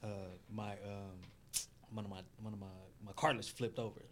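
A man who is a comedian and a podcast guest, talking in a laid-back way in casual chat and dropping to a low murmur at the ends of his lines. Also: steady tone, fairly quick, fairly bright tone, a little hiss or hum.

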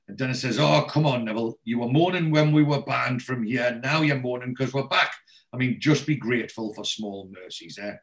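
A man's voice: mid-range voice, brisk, fairly bright tone. A man casually recapping a TV episode, quoting the characters' lines with frequent ums and restarts.

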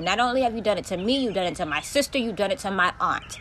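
A woman's voice: mid-range voice, lively intonation, quick pace, hardly any pauses, fairly bright tone, a little hiss or hum. A woman hosting her own podcast, venting in a heavily profane, emphatic solo monologue. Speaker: podcast host.

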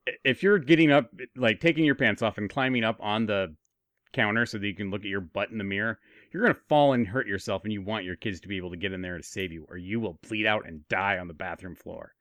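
A man's voice: on the low side, fast talker, a bit bright, no room sound. Dry-witted man with absurd jokes. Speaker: podcast co-host. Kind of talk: comedic banter.

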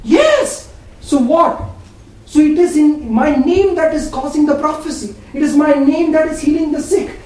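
A man's voice: very high-pitched, moderate pace, darkish tone. A man preaching a sermon, emphatic and full of repeated questions to his listeners. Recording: very echoey room, distant mic, faint ambience.

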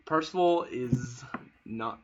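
A man narrating and refereeing a tabletop game, laughing and explaining rules, dropping to a soft voice for scene narration. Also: medium pitch, slow pace. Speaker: game master. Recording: dull lo-fi sound with clear background noise.

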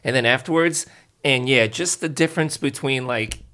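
A man's voice: medium pitch, moderate pace, bright, forceful tone. A man joining a casual film podcast as a guest, enthusiastic, swearing casually and restarting his sentences.

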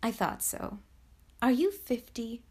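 A woman's voice: fairly high pitch, lively intonation, takes it slowly, slightly rough, exaggerated voice. A woman voicing a curious little girl princess in a storybook reading, asking eager, wondering questions.

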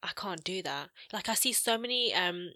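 A young woman co-hosting a podcast, blunt and expressive, swearing freely in casual chat. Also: fairly low pitch, normal speed, no echo, studio quality. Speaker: podcast co-host.

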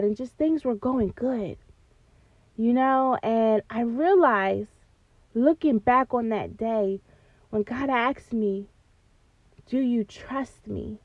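Casting: woman host, earnest and preacherly, higher voice, dry dull mic sound. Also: no room sound. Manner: earnest, preacherly, addresses listeners as y'all. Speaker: podcast host. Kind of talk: faith-based podcast talk.

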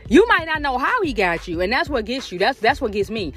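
A woman's voice: fairly high pitch, very animated, brisk, fairly bright tone, slightly rough, faint music behind. A woman with a Southern US accent hosting a casual faith and wellness podcast check-in from inside her car, talking to listeners in a chatty, repetitive way. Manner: chatty, repeats herself, addresses listeners as y'all. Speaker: podcast host.

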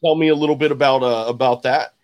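A man's voice: medium pitch, steady tone, fast talker, muffled recording. A man hosting an interview, asking questions hesitantly with many fillers. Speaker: interview host.

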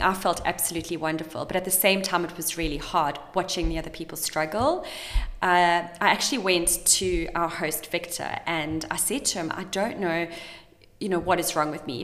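Podcast host, woman, low-ish voice, candid confessional storyteller, reverberant room. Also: a bit bright. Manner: candid and effusive, peppered with "like" and "you know". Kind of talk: personal storytelling monologue.

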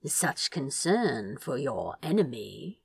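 A woman's voice: lowish voice, sing-song, slow pace, a bit bright, slightly rough, heavily acted. A woman voicing a dry, teasing masked young man who speaks in a wry, understated way.

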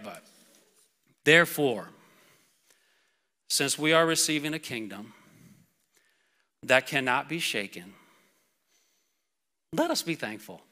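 A man preaching a sermon to his church, reading scripture and speaking casually with lots of fillers, getting excited and then calming down. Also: takes it slowly, long pauses. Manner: excitable, casual fillers, builds to shouts then drops low. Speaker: pastor.

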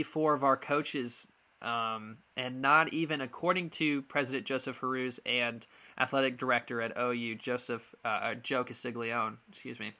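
Bright-voiced young man ranting about sports. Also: medium pitch. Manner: frank, frustrated, many ums and restarts. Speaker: sports podcast host. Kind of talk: casual opinion monologue.

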